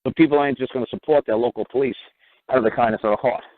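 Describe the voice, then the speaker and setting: Fast-talking man on narrow radio audio. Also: medium pitch, noisy background. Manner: rambling, profane, repeats "you know what". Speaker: radio show host. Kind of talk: radio talk show monologue.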